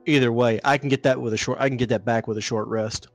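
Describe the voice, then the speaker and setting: Man, tabletop player, matter-of-fact, rules-minded, mid-pitched. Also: fairly even intonation, fast talker, faint music behind. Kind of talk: casual tabletop game chat.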